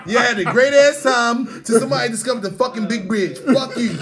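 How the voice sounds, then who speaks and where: A man telling stories as a podcast guest in casual chat, profane and laughing, dropping low and quiet when he quotes people. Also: fairly quick, over a noisy crowd. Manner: drops low and quiet when quoting others.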